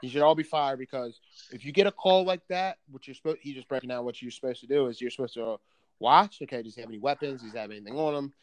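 A man in a loose, animated conversational style, piling on clauses and restarting sentences as he goes, with casual swearing throughout. His voice sits at an ordinary middle pitch for a man. The sound is dry and close, with no room echo. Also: fast talker. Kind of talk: casual chat, storytelling.

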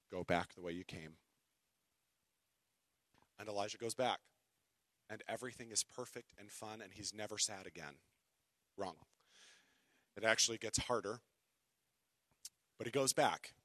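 Bright-voiced male preacher, dry close sound. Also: on the low side, a little slow, pauses often, no room sound. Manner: dramatic reading of scripture, shifting from loud declaiming to hushed whisper; conversational, wry asides to the congregation. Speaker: pastor. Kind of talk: sermon.

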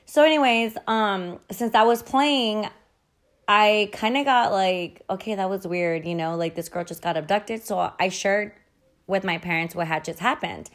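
A young woman hosting a podcast, telling a childhood story in a casual, chatty way, full of fillers and quoted dialogue, with casual swearing. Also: on the low side. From Mexican-American family. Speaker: podcast host.

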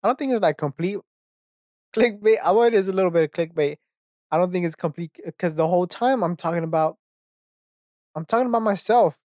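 A man's voice: high voice, fairly quick, pauses often, darkish tone, no echo, clean studio sound. A young man hosting his own podcast, rambling through a profane, self-mocking solo rant with lots of restarts. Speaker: podcast host.

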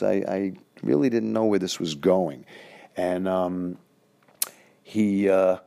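A man tells an old story in a loose, rambling way, often stopping to correct himself. His voice sits very low and has a rough, gravelly fry. He sounds casual and unhurried. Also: warm tone. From Queens, New York.

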